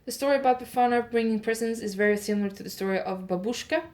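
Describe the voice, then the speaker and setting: A woman's voice: a little high, fast, few pauses, a little mellow. Chatty woman reading holiday facts aloud. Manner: reads steadily, stops often with "uh" to correct her pronunciation; chatty, laughing asides to listeners. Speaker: host of an audio advent calendar show. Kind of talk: improvised reading of holiday facts with casual asides.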